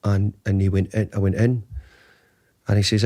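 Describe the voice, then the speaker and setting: A man's voice: on the low side, moderate pace, no room sound, clean studio sound. A man in his fifties, a football manager guest, telling a long anecdote with lots of restarts and acted-out dialogue. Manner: animated anecdotes, acts out quoted dialogue, frequent restarts. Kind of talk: conversational storytelling.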